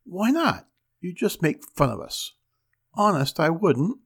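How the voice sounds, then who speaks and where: A man's voice: high voice, very animated, slow, slightly rough, pitched above the performer's own voice, exaggerated voice. A man reading a story aloud, voicing a wistful twelve-year-old boy who pleads sensibly to be let in on a game. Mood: pleading.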